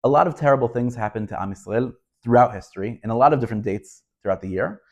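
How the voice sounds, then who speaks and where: A rabbi gives a Torah lesson in an emphatic, storytelling voice. This man keeps raising rhetorical questions and presses each point home, in a middle-pitched voice. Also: fast talker. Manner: storytelling delivery. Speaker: rabbi teaching.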